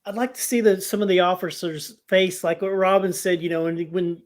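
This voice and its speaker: A woman's voice: on the low side, steady tone, fairly quick. A woman chatting in an interview, rambling with many "like"s and "you know"s. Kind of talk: casual interview chat.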